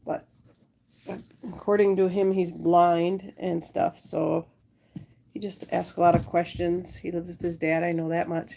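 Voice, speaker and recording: A woman from Wisconsin hosting a casual live stream. She chats with her viewers and breaks into a high sing-song voice when she talks to her dogs. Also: little pitch movement, unhurried, gravelly, mellow, slight background noise. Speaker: livestream host.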